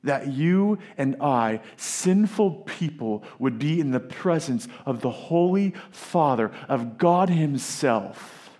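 A middle-aged man preaching a sermon, emphatic, with dramatic pauses and swings from loud to hushed. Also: fairly high pitch, animated. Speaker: pastor.

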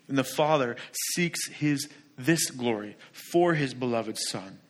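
A man preaching a sermon as pastor, emphatic and full of rhetorical questions, swinging between loud declaration and soft asides. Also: medium pitch, animated, slow pace.

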